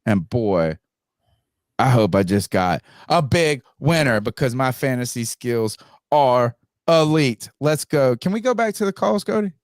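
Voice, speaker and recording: A man's voice: medium pitch, very animated, unhurried, no room sound, clean studio sound. A man hosting a sports podcast, chatting casually and joking around. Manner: playful, joking. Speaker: podcast host.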